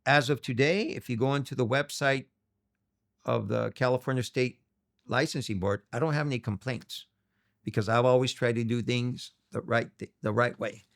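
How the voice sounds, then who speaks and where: A middle-aged man with a gravelly, rough-edged voice recounts stories in a relaxed interview. He slips into the voices of the people in his stories, and his pitch sits in an ordinary middle range. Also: moderate pace. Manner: animated storyteller, acts out quoted voices. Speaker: interview guest. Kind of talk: storytelling interview.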